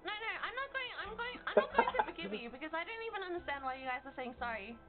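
A woman streamer chatting playfully and excitably, often breaking into shouts. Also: very high-pitched, racing, music in the background. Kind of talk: casual stream chat. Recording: tinny phone-like audio.

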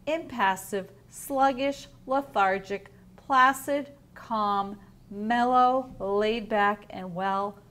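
A woman reading aloud as a calm, unhurried male sloth who is content with himself, in a slow, drawn-out, placid delivery. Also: mid-range voice.

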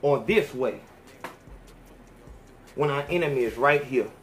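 A man's voice: mid-range voice, animated, measured pace, a little hiss or hum. Fiery, profane male podcast host. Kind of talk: heated podcast commentary.

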